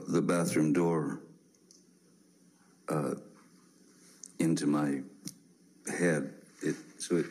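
A man in his fifties giving courtroom testimony, halting with many pauses and restarts. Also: very deep voice, darkish tone, low-quality recording.

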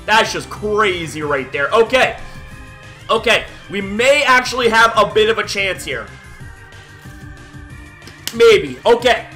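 A young man giving live game commentary, excitable and swearing often, yelling at big plays, fresh from the gym with a dry throat. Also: high-pitched, takes it slowly, long pauses. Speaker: gaming YouTuber. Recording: music faint behind voice.

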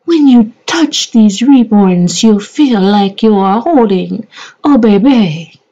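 A melodramatic narrator gushes in a raised, quavering voice, as a woman puts her on. The delivery is theatrical and sobbing, slow and gravelly underneath. The recording sounds dull and lo-fi. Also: mid-range voice, lively intonation, dark tone, pitched above the performer's own voice. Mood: gushing. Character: melodramatic gushing woman doing a tearful, over-the-top voice-over.

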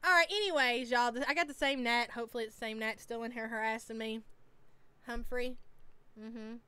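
Woman streamer, high-ish smooth voice, dry close mic, teasing chatty reactor. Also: steady tone, a little fast, pushed and bright, dry recording. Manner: chatty, teasing, reads chat names aloud. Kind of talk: casual live-stream reaction.

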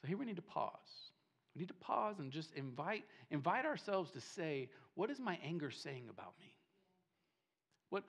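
Emphatic pastor preaching a sermon. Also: male voice, a little high, sing-song, normal speed, fairly bright tone. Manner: emphatic, repetitive, rising and falling delivery. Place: church sanctuary.

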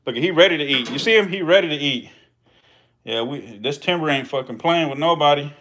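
A young adult man with a Californian accent, hosting a casual vlog with slangy, profane, excitable commentary and laughing asides to viewers. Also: fairly high pitch, brisk. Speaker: channel host feeding snakes.

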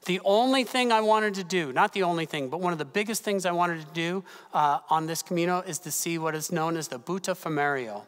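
Pastor guy telling a story from the pulpit, kinda high voice, big echoey church. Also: brisk, hardly any pauses. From California. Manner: animated, personal storytelling with gasps and fillers. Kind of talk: storytelling sermon. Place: church sanctuary. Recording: long hall reverb.

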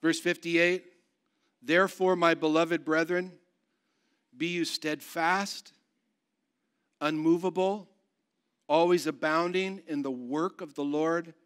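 A man pastor preaching a sermon, going from loud proclamation to soft, hushed storytelling. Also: on the high side. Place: church.

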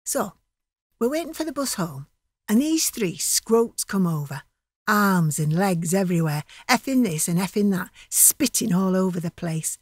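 A woman's voice: medium pitch, expressive, measured pace, no echo, studio quality. A woman narrating a dramatic monologue in a chatty, vivid storytelling manner.

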